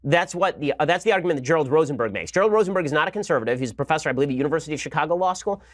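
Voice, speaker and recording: A man's voice: fairly high pitch, expressive, no echo, clean studio sound. A man hosting a show, delivering a sarcastic political commentary monologue. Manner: rapid-fire, sarcastic. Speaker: host.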